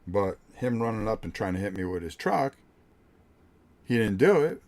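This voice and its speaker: An older man rants to his vlog audience, blunt and profane, tripping over restarts as he goes. His voice sits very low, yet it swings widely up and down as he gets worked up. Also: normal speed. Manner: animated, blunt, profane storytelling with many restarts. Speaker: vlog host. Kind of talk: casual ranting story.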